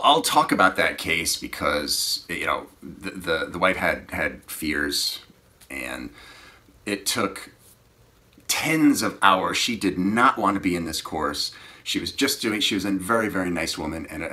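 A man with a lowish voice and a bright, forceful edge, telling a casual story as a scuba instructor. He rambles, restarts and often lets his sentences trail off quietly.

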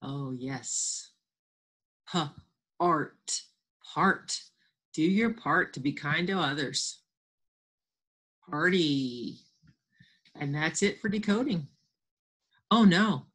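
A woman teacher giving a remote phonics and spelling lesson, slowly sounding out letters and words and encouraging her absent students. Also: sits low, expressive, a bit bright, slightly rough.

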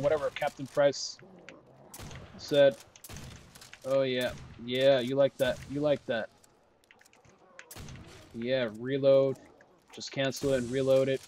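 Excitable young man commentating gameplay. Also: medium pitch, slow pace, pauses often, a little hiss or hum. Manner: excitable, jokey, talks to himself. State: voice starting to go hoarse. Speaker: gaming commentator.

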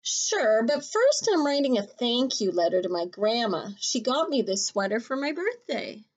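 A woman's voice: on the high side, very animated, normal speed. A woman voicing an earnest, easygoing young male pig in a storybook, cheerful and matter-of-fact.

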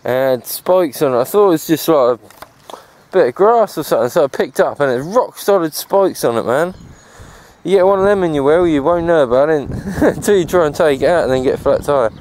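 A man's voice: on the high side, expressive, brisk, a little mellow, slight background noise, poor audio. A man chatting casually to his camera while cycling outdoors on a rural path, rambling and swearing freely as he films one-handed. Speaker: cycle-touring vlogger. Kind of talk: casual chat while riding. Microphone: handheld camera while cycling one-handed.

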